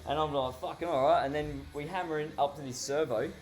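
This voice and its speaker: A man's voice: on the high side, steady tone, brisk, soft background music. An Australian man telling a story casually, rambling and swearing constantly, often laughing. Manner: heavily profane, rambling, laughs while telling.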